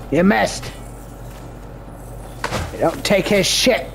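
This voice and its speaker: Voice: mid-range voice, animated, measured pace, slight background noise. A gamer chatting casually with a friend during play, mocking other players in profane trash talk. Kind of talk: casual gaming chat with a friend.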